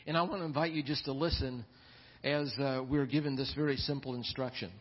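A pastor preaching a sermon in a church, talking in a folksy way with repeated words and storytelling asides. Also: male voice, mid-range voice, fairly even intonation, a little fast. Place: church sanctuary. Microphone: lapel mic. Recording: dull lo-fi church audio.

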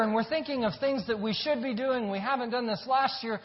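High-voiced earnest male preacher. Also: a little fast, hardly any pauses. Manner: earnest, emphatic, repeats words and phrases. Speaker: pastor. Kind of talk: sermon. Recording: dull, lo-fi recording.

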